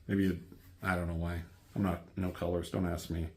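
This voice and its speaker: A man's voice: deep voice, flat delivery, moderate pace, darkish tone. A man casually reviewing a comic book, reading bits aloud and wandering off into wry, rambling asides.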